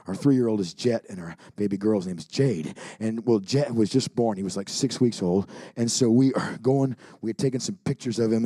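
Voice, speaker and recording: A man preaching a Pentecostal sermon who swings from shouting to quiet storytelling. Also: fairly low pitch, no echo. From Alaska. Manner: builds to shouting, then drops to quiet storytelling. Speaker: pastor.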